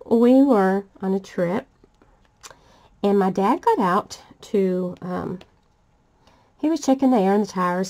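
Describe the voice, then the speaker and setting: A woman's voice: mid-range voice, mellow. An older woman, chatting casually and laughing often as she tells family stories while crafting. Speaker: vlogger.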